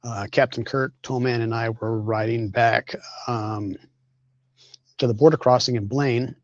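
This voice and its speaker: A man on a video call from a hospital bed, calmly recounting what happened in a matter-of-fact way. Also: medium pitch, measured pace, no room sound, highs cut off. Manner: steady, matter-of-fact retelling with small restarts. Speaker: guest, crash survivor. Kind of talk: casual storytelling on a live stream.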